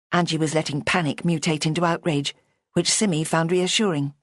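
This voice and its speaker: Low-voiced woman narrating a mystery. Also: steady tone, brisk, no echo, clean studio sound. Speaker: audiobook narrator. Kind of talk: scripted narration.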